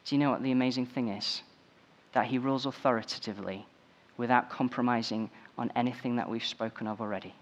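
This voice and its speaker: A man's voice: mid-range voice, steady tone, fast, dull audio. A man preaching a sermon, building emphasis through repeated phrases.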